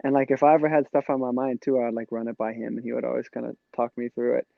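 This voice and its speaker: A relaxed man in his twenties chats as a podcast guest, full of fillers and quick laughs. His voice sits at an ordinary pitch, and the recording sounds dry and a little muffled, with no room around it. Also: creaky, no echo. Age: 20s. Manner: easygoing, laughs often, chatty with many fillers. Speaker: podcast guest, former player. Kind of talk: casual chat. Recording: dry, dull lo-fi podcast audio.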